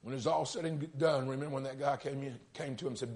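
A man preaching, retelling a story in folksy speech and building to fervent, near-shouted peaks. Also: medium pitch, steady tone, fast. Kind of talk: storytelling sermon.

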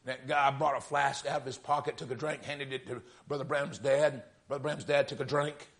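A man preaching, retelling a story in folksy speech and building to fervent, near-shouted peaks. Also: mid-range voice, steady tone, a little fast, vocal fry. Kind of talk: storytelling sermon.

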